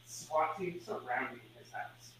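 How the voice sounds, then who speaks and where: A man's voice: on the high side, a little slow, a bit bright. A man retelling a movie plot in casual chat, laughing often and swearing freely as he rambles. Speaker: podcast co-host. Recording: roomy, distant mic, faint noise.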